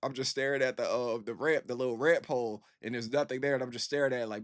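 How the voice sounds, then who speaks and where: A man's voice: mid-range voice, fast, dry recording, studio quality. A man hosting a music reaction video, chatting casually and rambling with lots of filler phrases. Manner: rambling, conversational, lots of "you know what I'm saying".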